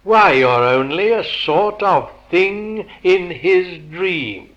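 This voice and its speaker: A man's voice: high-pitched, lively intonation, takes it slowly, fairly bright tone, muffled recording, exaggerated voice. A man reading aloud the lines of a smug, contemptuous twin brother, quoted from a story in his own lecturing voice. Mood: scornful.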